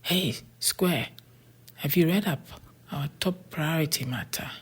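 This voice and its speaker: Narrator doing a cool bossy boy twin, firm, husky and breathy, storybook style. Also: medium pitch, slow. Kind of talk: storybook character voice.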